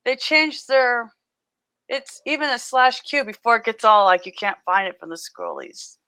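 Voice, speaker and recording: A woman's voice: on the high side, very animated, moderate pace, sharp tone, clean tone. A woman co-hosting a casual chat over a video call, playful and giggly, teasing her co-host.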